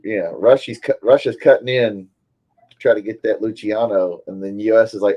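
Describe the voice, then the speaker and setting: A man's voice: lowish voice, steady tone, moderate pace, muffled recording. A laid-back, opinionated man co-hosting a casual livestream chat over a call.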